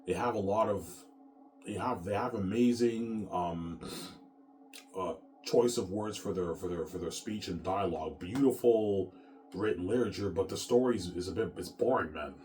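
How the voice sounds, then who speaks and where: A man's voice: sits low, moderate pace, darkish tone, slight background noise. A man in his thirties, an author talking casually to his viewers in a rambling, profane rant, repeating words and tacking "man" onto his sentences. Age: 30s. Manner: repeats words and restarts often. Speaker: author vlogger.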